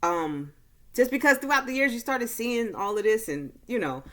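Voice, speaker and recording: A woman giving a casual movie recap and review, talking slowly and easily, with frequent fillers. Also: fairly high pitch, expressive, a bit bright. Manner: slow, easygoing delivery with many fillers.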